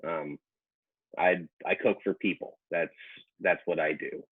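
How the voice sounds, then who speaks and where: A man with a low, husky voice chats casually as a guest. He speaks hesitantly and often restarts his sentences, and his voice comes through a narrow, tinny line that sounds like a phone call. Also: steady tone, measured pace. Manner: hesitant, full of restarts, laughs easily. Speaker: professional cook, podcast guest. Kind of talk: casual chat.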